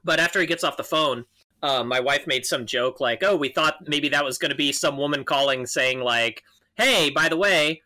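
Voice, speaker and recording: A man co-hosting a podcast, telling a story in a relaxed, casual way and laughing easily. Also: a little high, normal speed. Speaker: podcast co-host. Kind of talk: casual chat.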